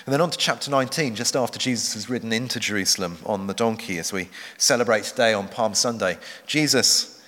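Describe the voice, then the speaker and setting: Male pastor, sermon delivery, earnest, deliberate pauses, bright tone, long church reverb. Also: on the low side. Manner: earnest, measured, slows for emphasis. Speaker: preacher.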